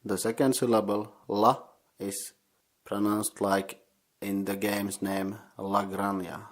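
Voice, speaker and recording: A man's voice: lowish voice, flat delivery, takes it slowly. A man hosting a podcast, giving a casual mini language lesson, who explains patiently step by step while sitting in an unheated sauna. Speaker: podcast host.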